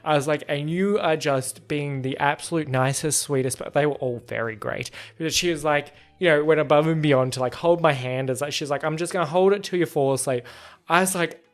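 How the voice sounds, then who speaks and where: Animated young man telling a story. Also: a little fast, faint music behind. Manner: animated, acts out quotes in a higher voice. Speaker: podcast host. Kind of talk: casual storytelling monologue.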